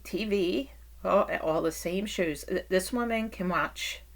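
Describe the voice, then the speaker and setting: A middle-aged woman telling stories from her life as a caretaker and parent in a casual vlog, with exaggerated, animated asides and frequent laughter. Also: lowish voice, background noise.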